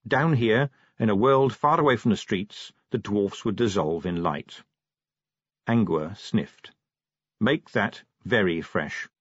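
A man narrating an audiobook with expressive storytelling and dramatic pauses. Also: lowish voice, husky, no room sound. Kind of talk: scripted narration. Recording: dull lo-fi dry recording.

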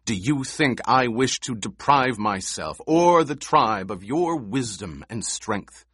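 A man voicing a calm, commanding young male duke in an audiobook, speaking in measured tones. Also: mid-range voice, breathy edge, dry recording, studio quality, pitched above the performer's own voice, exaggerated voice.

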